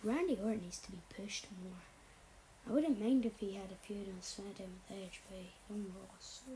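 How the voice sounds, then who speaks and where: A woman's voice: medium pitch, normal speed, mellow, a little hiss or hum, rough recording. A young woman casually rambling through wrestling predictions, often sliding into a whisper, blunt and offhand. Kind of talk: casual chat.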